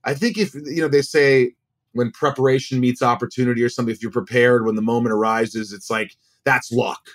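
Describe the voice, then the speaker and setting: A man in his forties, a guest actor, telling stories in a casual, animated way and acting out the voices he quotes. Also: mid-range voice, fairly quick. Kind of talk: casual storytelling.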